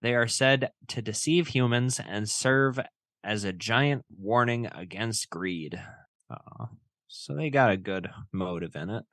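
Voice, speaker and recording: A man's voice: fairly low pitch, animated, a little slow, a bit bright, no room sound. A man co-hosting a casual podcast, joking and swearing easily as he chats and reads out stories. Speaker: podcast co-host.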